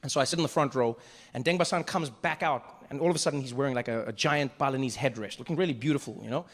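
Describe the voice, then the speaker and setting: A man doing stand-up, telling a story in an animated, self-mocking way with quick act-outs. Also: mid-range voice. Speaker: stand-up comedian. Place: live comedy venue. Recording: echoey live venue with faint ambience.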